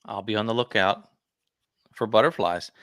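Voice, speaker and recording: A man's voice: fairly low pitch, moderate pace, a bit bright, clean tone, no room sound, clean studio sound. A man hosting a gardening livestream, chatty and friendly, announcing giveaways and asking questions. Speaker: livestream host.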